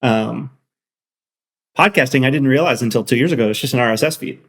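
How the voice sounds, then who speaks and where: Gravelly, rambling man guest. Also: mid-range voice, a little fast. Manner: rambling, restarts, excited asides. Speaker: guest, software founder. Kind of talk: casual interview chat.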